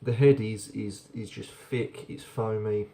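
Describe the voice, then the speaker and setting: A man's voice: lowish voice, fairly even intonation, measured pace, gravelly, mellow. A man casually reviewing a beer on camera, chatty and rambling, often repeating words as he goes.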